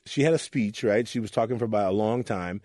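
A man's voice: lowish voice, quick pace, a little mellow, no echo, clean studio sound. A man from Oakland, a youth mentor, telling personal stories in an interview in an earnest way and acting out the voices of people he quotes. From Oakland, California. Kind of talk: candid interview storytelling.

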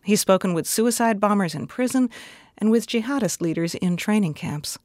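A woman hosting a broadcast interview, reading a scripted intro and asking measured questions that sum up her guest's points. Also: medium pitch, expressive, darkish tone, dry recording, clean studio sound. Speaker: interviewer, host.

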